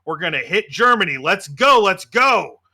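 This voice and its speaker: A man voicing a gruff, cigar-chomping male flight commander who barks orders at his crew. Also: high-pitched, sing-song, moderate pace, pushed and bright, heavily acted. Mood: rallying. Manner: barking orders.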